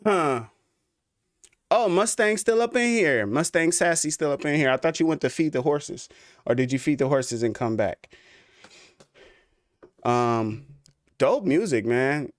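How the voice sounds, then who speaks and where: A man's voice: fairly high pitch, animated, a little slow, pauses often, no room sound, studio quality. A man hosting a live stream, reviewing beats his viewers send in, chatting casually in slang and talking straight to his chat. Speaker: music producer streamer reviewing submitted beats.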